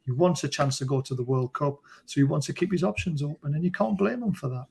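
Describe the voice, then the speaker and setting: A man's voice: a little high, fast, gravelly, darkish tone, breathy edge. Teasing, talkative male co-host. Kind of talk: casual live-stream banter.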